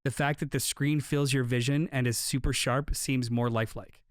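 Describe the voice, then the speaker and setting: A man's voice: mid-range voice, steady tone, normal speed, no echo, clean studio sound, close to an everyday voice. A man doing an earnest director impression.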